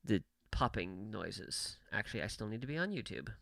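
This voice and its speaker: Gravelly, lively-voiced game streamer. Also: mid-range voice, moderate pace, dry recording, clean studio sound. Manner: rambling, many fillers and self-corrections; laughs often while talking. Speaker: gaming livestream host. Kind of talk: casual chat while livestreaming a game. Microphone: studio microphone with pop filter.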